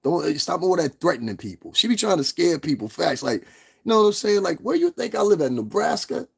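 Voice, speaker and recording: A man's voice: fairly high pitch, big pitch swings, brisk, vocal fry, slightly rough. A man hosting a livestream, ranting in a profane, confrontational way and laughing often. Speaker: livestream host. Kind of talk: casual livestream rant.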